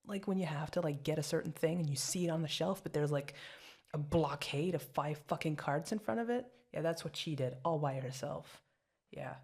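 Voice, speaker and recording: A woman's voice: deep voice, darkish tone. A young woman voicing an apologetic, chatty girlfriend in an ASMR girlfriend role-play, rambling and giggly. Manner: rambling, giggly and self-deprecating. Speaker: voice actress.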